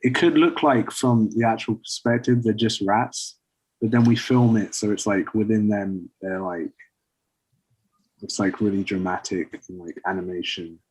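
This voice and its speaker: A man casually pitching a story idea to friends, rambling with lots of fillers. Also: fairly even intonation, moderate pace, darkish tone, husky, poor audio. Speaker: podcast co-host pitching a story. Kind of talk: casual chat.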